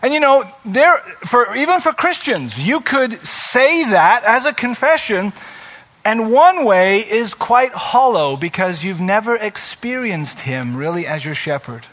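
A middle-aged man preaching a sermon in a high, bright voice. He is earnest and asks his listeners rhetorical questions. He leans on repeated phrases to drive each point home. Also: big pitch swings, unhurried. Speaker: pastor.

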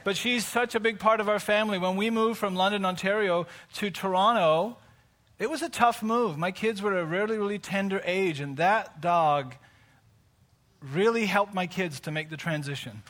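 A man's voice: high voice, normal speed, a bit bright. A man in his fifties giving a conversational sermon in a church service, personal and heartfelt, building to emphatic preaching. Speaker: pastor.

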